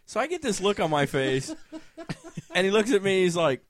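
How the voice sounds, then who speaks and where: A man's voice: high voice, big pitch swings, normal speed, no room sound. Laughing man telling a story. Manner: laughs often, acts out other people's lines. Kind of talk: casual anecdote telling.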